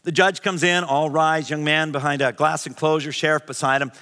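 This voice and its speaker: A middle-aged man preaching and telling a story, animated, sometimes dropping to a hushed whisper. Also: a little high, a little fast. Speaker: pastor. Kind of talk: sermon storytelling. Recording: long hall reverb.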